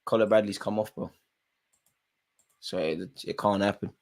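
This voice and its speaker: A man's voice: lowish voice, fairly even intonation, normal speed. A man hosting a live football watchalong, calling out players by name and bantering in casual slang. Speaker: watchalong host.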